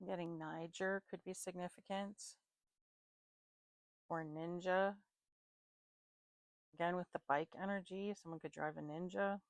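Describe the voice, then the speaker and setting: A woman's voice: fairly low pitch, fairly even intonation, unhurried, long pauses, no echo. A tired woman giving a casual psychic reading, free-associating names and places and chuckling at her own slips. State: tired, sleepy. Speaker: psychic reader.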